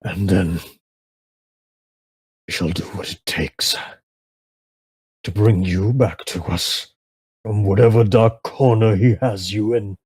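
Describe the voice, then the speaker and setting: A man voicing a weary, heroic old warrior who speaks slowly and earnestly to a fallen friend. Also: on the low side, fairly even intonation, a little mellow, husky, heavily acted. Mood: solemn. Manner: slow, solemn and earnest.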